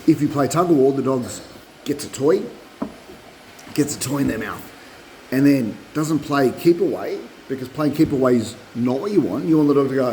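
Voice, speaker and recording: A middle-aged man coaches dog owners in a loose, animated way, circling back over his points and slipping into little dog voices. His tone is mellow and relaxed. He is recorded on a phone propped up nearby, with a faint hiss underneath. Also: mid-range voice, normal speed, rough recording. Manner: animated, repeats himself, acts out dog voices. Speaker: dog trainer. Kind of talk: casual instructional talk.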